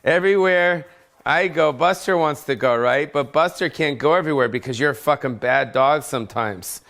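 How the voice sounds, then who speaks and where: A man's voice: on the high side, moderate pace, vocal fry, a bit bright. A man hosting his own podcast, rambling profanely and jokingly in an unplanned rant at home. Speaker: comedian podcast host. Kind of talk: casual unscripted rant.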